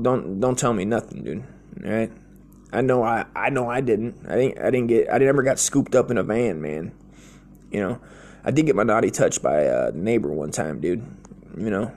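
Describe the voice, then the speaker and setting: A man with a gravelly, fry-tinged voice at an ordinary middle pitch, talking through a crude comic monologue. He rambles loosely and keeps dropping in "dude" and "man". His tone is blunt, slangy and joking throughout. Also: darkish tone. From United States. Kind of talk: profane comedic monologue.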